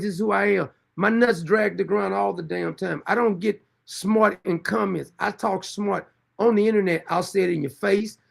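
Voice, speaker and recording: A man hosting a commentary show, ranting in a blunt, taunting, profane way with a gravelly voice. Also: high voice. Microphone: desktop mic for live streaming.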